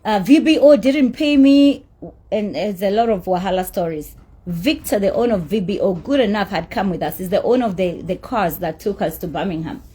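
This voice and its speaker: A woman's voice: medium pitch, brisk, mellow, slightly rough. A woman telling a story about a dispute in an angry rant, heated and emphatic, with swearing. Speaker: celebrity recounting a dispute.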